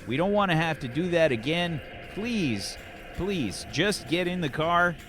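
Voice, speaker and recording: A man voicing a patient police officer who calmly pleads with a troublemaker to get in the car. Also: a little high, measured pace, background noise, pitched above the performer's own voice. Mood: weary. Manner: calm, pleading, tired.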